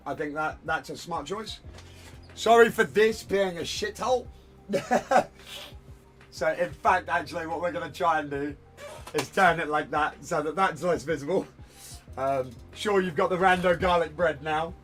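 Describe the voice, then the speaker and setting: Rich. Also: male voice, on the high side, a bit bright. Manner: rambling, chatty, self-deprecating. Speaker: streamer. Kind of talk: casual hobby livestream chat. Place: room at home.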